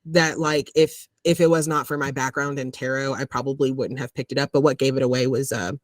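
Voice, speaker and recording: A podcast co-host in casual chat, talking loosely with lots of fillers and frequent laughs. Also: male voice, mid-range voice, fairly even intonation, brisk, no room sound.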